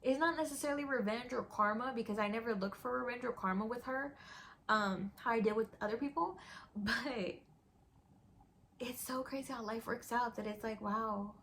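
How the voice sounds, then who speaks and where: This storytime comes from a young woman on YouTube who chats openly and leans heavily on "like" and "girl." Her somewhat bright, higher voice moves at a moderate pace, with a little hiss or hum behind it.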